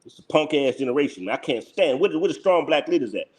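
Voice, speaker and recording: A man's voice: fairly high pitch, lively intonation, quick pace. A man hosting his own channel, giving blunt, heated live reaction commentary that repeats its points and breaks into laughter. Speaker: channel host.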